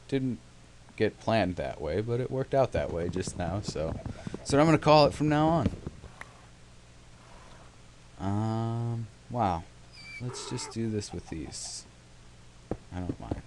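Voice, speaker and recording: A man's voice: on the low side, expressive, a little slow, darkish tone, a little hiss or hum. A young man casually narrating his gameplay, rambling with sarcastic, self-mocking asides. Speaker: let's play host.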